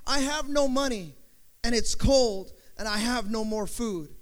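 Pious little old lady shouting to heaven, high-pitched, voiced by a male preacher. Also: unhurried. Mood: fervent. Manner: shouting praise to the sky. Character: devout little old lady, elderly woman. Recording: long hall reverb.

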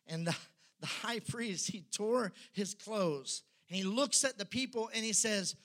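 A man preaching a sermon with dramatic swings between loud, pressing passages and hushed, quiet ones. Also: high-pitched, unhurried. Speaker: pastor.

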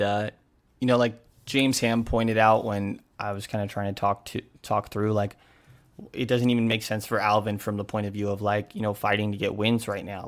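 Lowish-voiced guy, sports reporter, rambly casual chat, says like a ton. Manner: loose, full of "like" and "you know".

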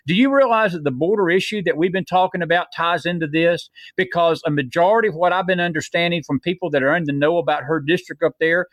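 A man's voice: sits high, a bit bright, no echo. A man co-hosting a heated political talk show, fiery and preachy as he rallies listeners. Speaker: co-host.

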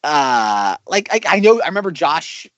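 A man in his thirties talks in a bright, high register that leaps up and down as he rambles through casual podcast chat, piling on fillers as he goes. The sound is dry and a little dull, like close, lo-fi podcast audio. It stays loose and chatty throughout. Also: normal speed, no room sound. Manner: animated, rambling with many "like" fillers. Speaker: podcast co-host.

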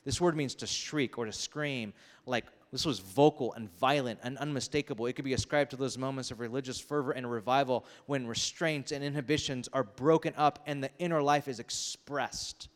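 A man preaching a sermon in a large hall, his voice trailing off into a long reverb. He talks casually and with energy, acting out quotes and characters with quick asides to the congregation. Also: mid-range voice. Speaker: pastor.

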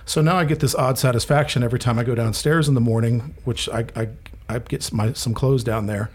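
A man's voice: mid-range voice, steady tone, a little fast, husky. An older man co-hosting a podcast, telling stories in a profane, ranting way, acting out the people in them. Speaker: podcast co-host. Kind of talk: casual chat.

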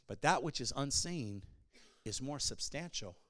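A male pastor preaching to a congregation, emphatic and animated, swinging between loud shouts and hushed, near-whispered passages. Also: medium pitch, a little slow. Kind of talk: sermon. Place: church before a congregation.

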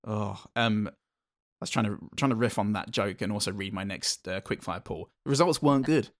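A man's voice: lowish voice, a little fast. A man co-hosting a casual podcast, chatting about a film in a hesitant, rambling way with sweary banter. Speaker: podcast co-host.

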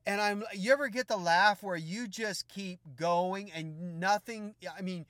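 A middle-aged man preaching, telling a funny story in an animated, humorous way. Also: high voice, unhurried, no room sound, studio quality. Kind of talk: storytelling sermon.

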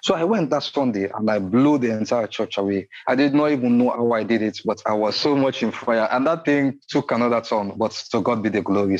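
A man's voice: mid-range voice, darkish tone, dull audio. Earnest man telling a faith story. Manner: earnest storytelling, quotes dialogue, laughs often. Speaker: guest sharing testimony. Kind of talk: casual faith testimony chat.

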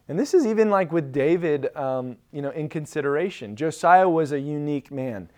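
A man's voice: fairly high pitch, animated, normal speed, few pauses. A man preaching a sermon as a pastor, in a casual, conversational manner with frequent fillers and restarts.

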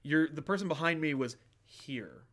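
A relaxed man from New Jersey chatting as a co-host. He talks loosely and tosses in a lot of filler words. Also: on the high side, moderate pace. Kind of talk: casual chat.

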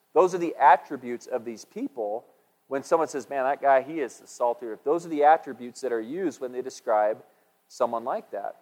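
Male pastor, chatty sermon, mid-pitched voice, long reverb of a church hall. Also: darkish tone. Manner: chatty, asks the congregation questions, restarts often. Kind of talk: conversational sermon. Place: church sanctuary.

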